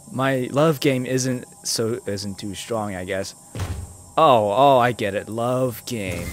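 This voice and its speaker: A man casually commenting on his gameplay, joking and swearing and reacting loudly to scares. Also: lowish voice, unhurried, faint music behind. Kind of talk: casual let's-play commentary.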